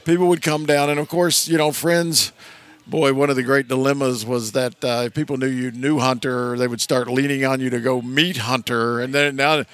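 A man with a Southern American accent tells anecdotes in an easy conversational way. He restarts his sentences often and slips into the voices of the people he quotes, his pitch sitting in an ordinary middle range. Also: fairly even intonation, moderate pace, fairly bright tone, no room sound. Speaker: guest. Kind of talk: storytelling conversation.

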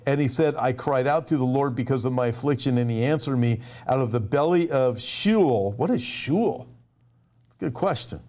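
A man preaching a conversational sermon, animated and acting out little quoted exchanges. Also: medium pitch, normal speed. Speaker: pastor.

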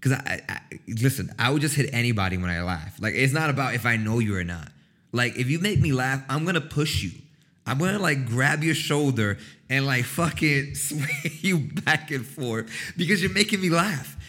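Man rambling with a loud cackling laugh. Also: expressive, moderate pace. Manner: rambling, swears often, loud high-pitched cackling laugh. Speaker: livestream host. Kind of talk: casual chat.

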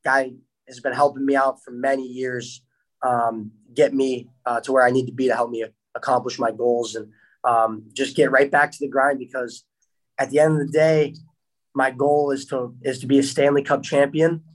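A man's voice: mid-range voice, little pitch movement, normal speed, poor audio. A young man who plays hockey talks casually in an interview. He sounds upbeat, laughs often and tends to repeat himself as he goes. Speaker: hockey player.

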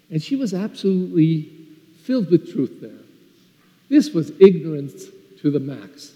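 An older man, a parish priest, telling a story in an earnest Sunday sermon that swings between loud and soft. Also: a little high, animated, brisk. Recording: lo-fi recording in a reverberant church.

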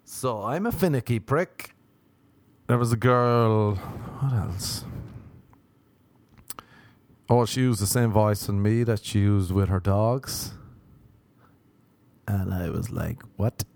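A man's voice: on the low side, takes it slowly, creaky, long pauses, darkish tone. A young man, a comedian, rambling through crude, self-mocking stories in a casual solo podcast monologue.

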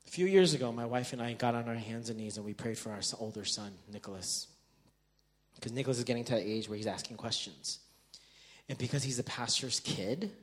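Pastor, loud-to-hushed storytelling. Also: male voice, medium pitch. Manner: humorous, swings between loud punchlines and quiet earnest passages. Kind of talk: sermon with personal storytelling.

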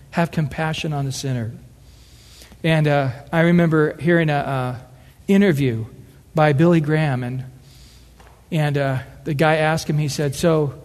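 A man's voice: fairly high pitch, a little mellow. Earnest male preacher in a reverberant hall. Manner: earnest, conversational, with acted-out quotes. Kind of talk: sermon.

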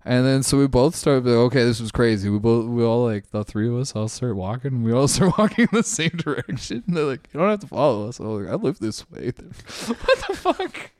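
A man's voice: medium pitch, expressive, quick pace, few pauses, darkish tone, no echo, clean studio sound. A man telling wild stories in casual chat as a podcast guest, laughing often and swearing as he acts out the other people. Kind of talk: casual storytelling.

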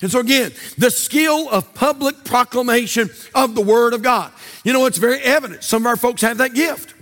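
High-voiced pastor preaching. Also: male voice, moderate pace, fairly bright tone, soft background music. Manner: sing-song preaching cadence, repeating phrases. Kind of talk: sermon. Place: church sanctuary.

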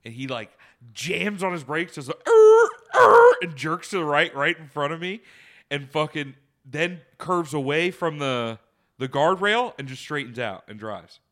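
A young man with a bright, forceful voice that swings widely in pitch, telling a crude story in casual chat and laughing through it. He talks like a regular co-host, loose and animated. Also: normal speed. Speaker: podcast co-host.

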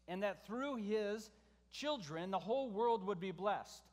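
A man preaching a verse-by-verse sermon, conversational, often asking the congregation questions and shifting his pitch for emphasis. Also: animated, a little slow, a little mellow. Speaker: pastor. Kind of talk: expository sermon. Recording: reverberant hall sound.

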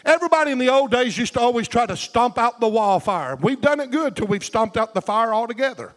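Male pastor, fervent rhythmic sermon, very high voice, long church reverb. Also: sing-song, a little fast. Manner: fervent, rhythmic, call-and-response preaching.

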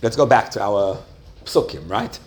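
A man's voice: on the low side, lively intonation, normal speed, a little hiss or hum. A man giving a religious lecture to a live group, often asking them questions and checking that they follow. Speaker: religious teacher.

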